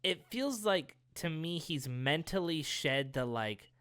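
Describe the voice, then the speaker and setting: Easygoing guy on a podcast, smooth clear voice, dry close sound, talking hoops. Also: fairly high pitch, lively intonation, takes it slowly, fairly bright tone, dry recording. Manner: easygoing, agreeable, backchannels a lot. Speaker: podcast co-host. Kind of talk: casual sports chat.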